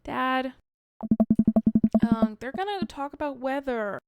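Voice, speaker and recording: A woman voicing a blunt, teasing teenage daughter in a video game, pushy and deadpan. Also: sits high, takes it slowly, vocal fry, muffled recording, music in the background, full character voice.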